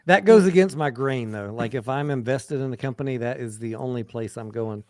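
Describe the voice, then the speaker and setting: A man's voice: mid-range voice, moderate pace, a little mellow. A man hosting a late-night livestream chat, joking and swearing, tired and reading viewer comments aloud. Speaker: livestream host. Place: home in Texas.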